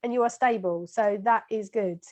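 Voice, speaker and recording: A woman's voice: mid-range voice, moderate pace, dark tone, a little hiss or hum. A chatty woman with a slight Kent accent, a guest on a live video-call interview, talking straight to her viewers. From Kent, England. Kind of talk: casual live-stream chat.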